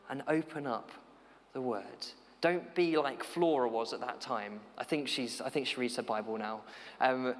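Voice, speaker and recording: A man preaching a sermon in an earnest, conversational way, asking many rhetorical questions of his listeners. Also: fairly high pitch. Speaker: preacher and youth worker. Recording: long church-hall reverb.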